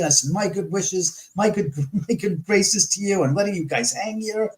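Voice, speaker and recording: A man guest on a live talk show, telling a story in a lively way, acting out his past arguments and swearing freely. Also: sits high, normal speed, few pauses, rough recording. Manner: animated, acts out his own past arguments.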